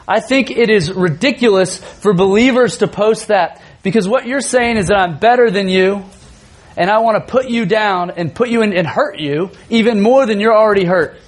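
Male youth preacher, thirties, high-pitched, earnest sermon delivery with soft tender passages. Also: normal speed, a faint crowd. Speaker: youth pastor.

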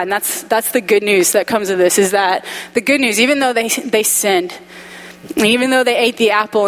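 A woman's voice: mid-range voice, fairly bright tone. A young adult woman preaching a sermon, telling a personal story with candid humor.

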